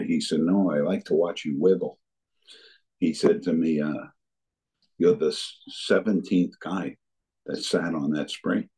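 Older man with a deep husky voice. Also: dark tone, rough recording. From New Jersey area. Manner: earnest storytelling, acting out remembered dialogue. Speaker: speaker sharing his recovery story. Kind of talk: personal testimony talk.

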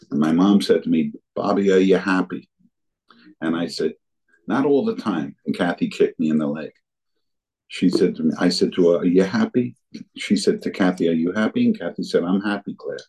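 A man's voice: a bass voice, a little mellow, breathy edge, rough recording. An older man telling his recovery story as a personal testimony, earnestly acting out remembered conversations. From New Jersey area.

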